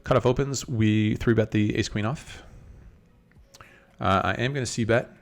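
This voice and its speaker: A man's voice: fairly low pitch, steady tone, moderate pace. A man hosting a casual poker live stream, chatting easily with viewers while talking through his hands. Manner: laid-back, chatty, multitasking while reading chat. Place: in Las Vegas.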